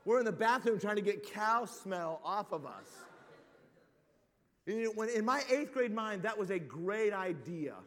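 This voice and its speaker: Man, high voice, animated rambling preacher-storyteller, big reverberant hall. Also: unhurried. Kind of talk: comic storytelling sermon.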